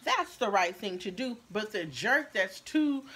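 A woman telling a story to her viewers in a casual storytime vlog, animated and talking straight to them. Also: mid-range voice, unhurried, husky. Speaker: storyteller vlogger.

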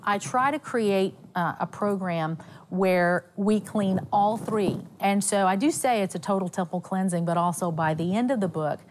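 A woman from Nashville with a Southern American accent appears as a guest, sharing stories about faith and health. She tells them with animation, quoting other people's voices. Her medium-pitched voice moves at a moderate pace over a little hiss or hum.

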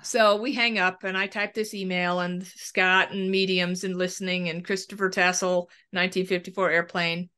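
A woman's voice: on the low side, level tone, normal speed, few pauses, bright, forceful tone, clear, resonant tone. A middle-aged woman, a medium and researcher, telling a personal story in an interview and acting out the dialogue as she goes.

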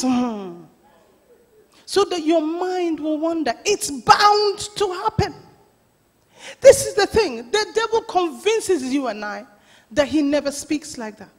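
Woman pastor, high-pitched lively sermon voice, long church reverb. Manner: storytelling, animated, laughing often.

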